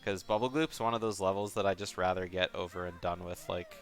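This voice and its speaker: A man giving casual commentary on a race, chatty and relaxed, laughing often and leaning on fillers. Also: low voice, brisk, faint music behind.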